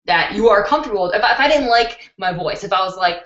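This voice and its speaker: Her voice is medium-pitched, animated and fairly bright, and she talks quickly with hardly any pauses. A young beauty streamer at home, she chats frankly with her audience, fields their questions and laughs easily. The recording comes from a built-in computer mic and sounds dull and roomy.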